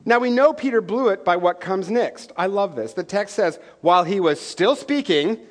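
A pastor preaching a lively, conversational sermon, joking and asking "right?" often. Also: male voice, high voice, moderate pace.

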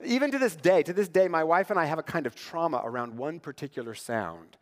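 A man's voice: a little high, a little fast. A middle-aged man preaching a sermon as pastor, talking conversationally and animatedly, asking the congregation "right?" often. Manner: conversational, animated, acts out quoted voices. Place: church sanctuary. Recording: long church hall reverb.

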